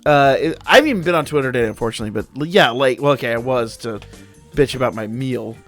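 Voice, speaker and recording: A man's voice: mid-range voice, fast talker, a bit bright. A man live-streaming a game, chatting casually with his viewers in a rambling, profane way and answering their messages. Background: faint background music.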